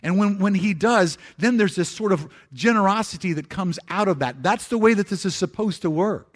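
A man giving a conversational sermon in church, slowing for scripture and dropping soft for emphasis, with frequent restarts. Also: high-pitched, animated. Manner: repeats words and restarts phrases. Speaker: pastor.

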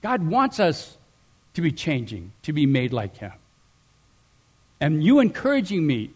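A middle-aged man preaching a sermon, animated, swinging between loud emphatic rises and quiet asides. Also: high-pitched, normal speed. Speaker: pastor.

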